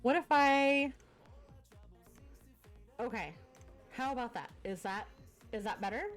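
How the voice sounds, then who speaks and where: A congested woman live-streaming from her home setup, her voice sitting a little high. She gushes over her viewers with lots of ums and restarts, speaking close into a desk microphone. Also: slow, faint music behind. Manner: effusive, gushing thanks to viewers with many fillers. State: congested from a lingering cough. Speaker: variety streamer hosting a guest. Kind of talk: casual live-stream chat.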